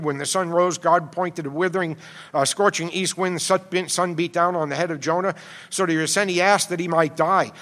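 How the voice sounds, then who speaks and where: A man's voice: fairly high pitch, fairly bright tone, big-room sound. A man preaching an expository sermon, earnest and rising to emphatic exhortation.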